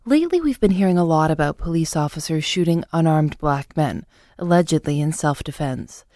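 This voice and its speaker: Low, mellow-voiced woman narrating. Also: dry recording, studio quality. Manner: calm, measured storytelling. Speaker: podcast host and narrator. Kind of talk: scripted documentary narration.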